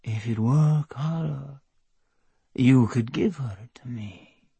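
A man voicing an unstable, creepy male werewolf who growls and then turns soft and sing-song. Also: mid-range voice, takes it slowly, vocal fry, breathy edge, no echo, exaggerated voice.

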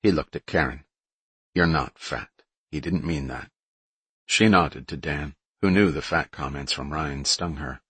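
A man narrating a story in a plain, even way. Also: extremely low pitch, moderate pace, breathy edge, no room sound. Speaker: audiobook narrator. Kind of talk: scripted narration.

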